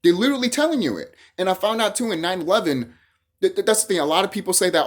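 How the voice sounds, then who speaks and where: A man's voice: high-pitched, lively intonation, rapid-fire. A young man from El Salvador talking casually to camera in a rambling, emphatic, profane way with frequent restarts. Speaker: vlogger.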